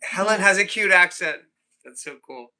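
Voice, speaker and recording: A man's voice: sits high, moderate pace, pushed and bright. A man hosting a livestream group call, chatting casually and jokingly, often repeating himself. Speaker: livestream host.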